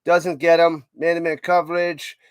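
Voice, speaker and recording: An American livestream watch-party host with a New York accent does casual play-by-play of a football game and reads his live chat between plays. His slightly high, smooth voice moves at a moderate pace and gets excitable and chatty on big plays. The sound is close and dry, without room echo.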